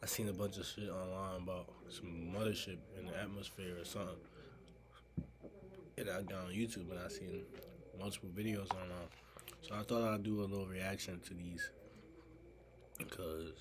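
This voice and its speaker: Laid-back male vlogger with a low, flat voice and noise audible behind him. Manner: laid-back, slangy, swears. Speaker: reaction video creator. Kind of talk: casual reaction vlog.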